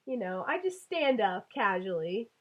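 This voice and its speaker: A woman's voice: medium pitch, very animated, normal speed, lo-fi sound. A young woman chatting casually with a friend, goofy and full of filler words. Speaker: co-host. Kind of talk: casual chat.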